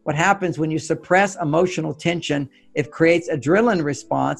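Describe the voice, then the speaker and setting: An older man, a relationship author being interviewed, giving advice through animated stories and acting out what he and his wife said. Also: fairly high pitch, normal speed, vocal fry, hardly any pauses, soft background music. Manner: acts out quoted voices of himself and his wife.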